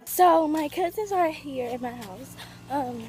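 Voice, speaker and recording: A woman's voice: sits high, unhurried, a little mellow, soft background music. A teenage girl, rambling casually with many fillers as she vlogs at home on a phone camera. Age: teens. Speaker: vlogger. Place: house and backyard.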